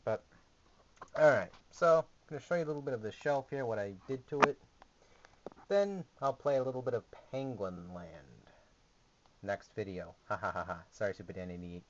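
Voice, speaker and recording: A man's voice: medium pitch, animated, moderate pace, lo-fi sound, slight background noise. A young man giving a rambling, jokey, sarcastic tour of his small gaming closet, recorded on a camera mic. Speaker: vlogger. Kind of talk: casual home video tour.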